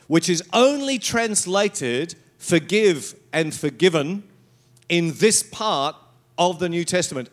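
A middle-aged male pastor preaching a sermon, animated and conversational, with mocking quoted asides. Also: on the high side.

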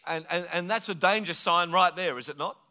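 A man's voice: sits high, fairly quick, bright, forceful tone. A man from England preaching a sermon in a conversational, joking way, slipping into mimicked voices. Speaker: pastor.

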